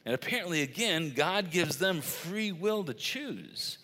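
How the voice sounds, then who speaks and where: A man's voice: a little high, animated, measured pace, bright, forceful tone. A middle-aged man preaching a sermon, telling stories conversationally with emphatic stresses. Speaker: pastor. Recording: long reverb of a large church hall.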